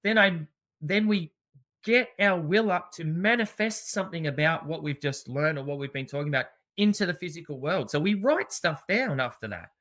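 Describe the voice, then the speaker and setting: A man, a home education teacher talking as a podcast guest in an animated, storytelling way. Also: a little high, normal speed. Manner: animated storyteller, acts out scenes. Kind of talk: podcast interview.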